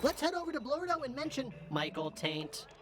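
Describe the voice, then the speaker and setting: Bubbly AI detective helper. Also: female voice, high voice, very animated, a little fast. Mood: chipper. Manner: bubbly, upbeat, cheerily scoring. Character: chipper AI detective assistant. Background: game music.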